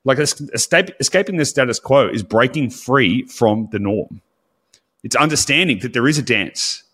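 A man's voice: mid-range voice, lively intonation, normal speed, a bit bright, husky. A man co-hosting a podcast in casual chat, candid and blunt, with casual swearing. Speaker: podcast co-host.

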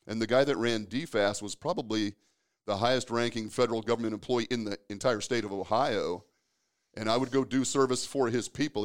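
A man, hosting a casual conversation and telling stories in a relaxed way with filler restarts. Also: lowish voice, clear, resonant tone. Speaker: podcast host, safety professional.

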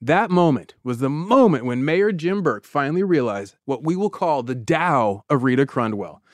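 A man's voice: mid-range voice, lively intonation, normal speed, dry recording, clean studio sound. Playful man telling a true story. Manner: vivid, playful, acts out side characters with funny voices. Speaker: podcast host. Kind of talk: storytelling narration in second person.

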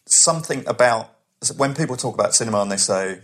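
A man's voice: medium pitch, fast. A man, a comedian telling anecdotes in casual chat and acting out other people's voices as he goes. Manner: animated storyteller, acts out other people's voices. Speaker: comedian guest.

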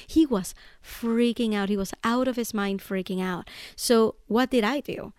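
A woman's voice: on the high side, a little slow, few pauses, darkish tone, smooth, no room sound, clean studio sound. Chatty woman podcaster telling a story. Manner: chatty storyteller, keeps asking "right?". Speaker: podcast host. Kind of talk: casual solo monologue.

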